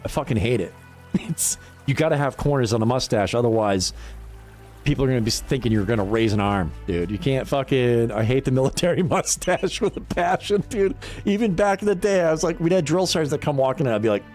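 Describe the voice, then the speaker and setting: A man's voice: medium pitch, animated, a little mellow, faint music behind. A man chatting casually on a gaming livestream, swearing freely, rambling and laughing often between thoughts. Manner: profane, rambling, quick to laugh. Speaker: livestream gamer.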